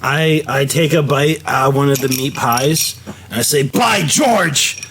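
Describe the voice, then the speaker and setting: A man's voice: mid-range voice, steady tone, moderate pace. A man playing a tabletop game, joking in a goofy way. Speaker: player. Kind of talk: casual game banter. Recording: noisy background.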